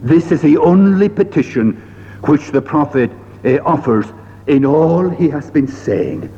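Man, sermon, slow measured delivery, slightly higher voice, faint background hiss, church reverb. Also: mellow. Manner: slow, measured delivery with frequent "uh" pauses and archaic scripture phrasing. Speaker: preacher. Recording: dull lo-fi recording in a reverberant hall.

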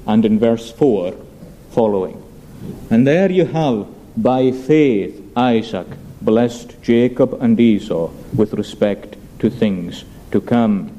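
A man preaching a sermon in an earnest, measured way, addressing the congregation as his friends. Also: mid-range voice, warm tone, rough recording. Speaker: pastor.

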